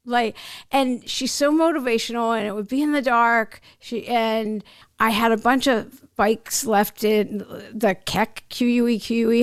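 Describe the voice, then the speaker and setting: A middle-aged woman speaks as an interview guest, her fairly high voice roughened by gravelly fry. She tells personal stories with emotion, tumbling along and breaking into her own sentences. The sound is dry and close. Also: no room sound. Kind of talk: candid personal storytelling.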